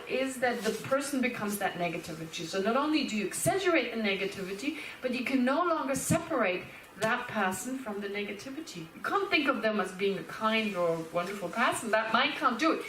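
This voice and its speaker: A woman teaching Buddhist philosophy as a lecture, lively and animated, laughing and acting out little quotes as she explains. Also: a little high, slight background noise. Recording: roomy hall, speaker far from the mic.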